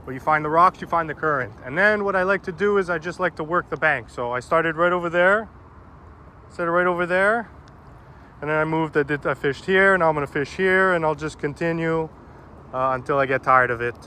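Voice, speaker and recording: This fishing vlogger's voice is fairly high, sharp in tone and a little fast as he talks casually on a river bank. Addressing viewers as "boys" in a chatty, informal way, he is recorded with a little hiss or hum.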